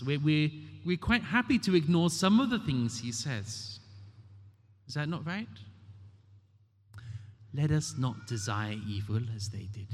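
A man preaching a sermon, emphatic and rhetorical, asking the congregation questions and dramatically quoting scripture. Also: fairly high pitch. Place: church. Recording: long reverb of a large hall.

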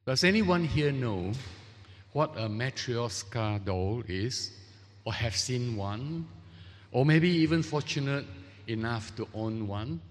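A man preaching a sermon as pastor, measured and hesitant, with many fillers and restarts. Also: lowish voice, long reverb tail. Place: church.

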